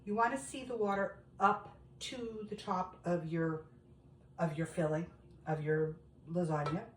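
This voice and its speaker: A woman's voice: on the low side, fairly even intonation, measured pace, roomy sound, a little hiss or hum, poor audio. A middle-aged woman, chatting casually to viewers while showing a recipe in her home kitchen. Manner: chatty, talks straight to viewers. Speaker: home cooking vlogger. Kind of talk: casual cooking demonstration.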